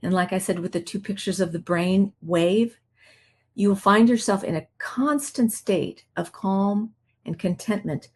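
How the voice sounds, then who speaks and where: Woman coach, breathy voice, calm self-help talk, middle pitch, plays her own inner voice. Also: a little slow. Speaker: marriage coach.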